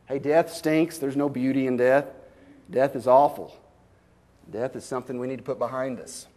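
Emphatic preacher man. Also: mid-range voice. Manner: preaching with sudden loud bursts and slow emphatic drops; folksy storytelling, rhetorical questions to the congregation. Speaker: pastor. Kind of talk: sermon.

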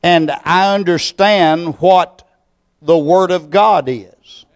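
A man preaching a sermon and leading a prayer, with a deliberate, measured delivery full of pauses. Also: sits high. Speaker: pastor.

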